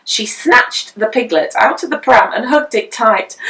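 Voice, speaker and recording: A woman reading a picture book aloud as a storyteller, with an expressive, sing-song delivery, slightly distant from the mic. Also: a little high, a little slow.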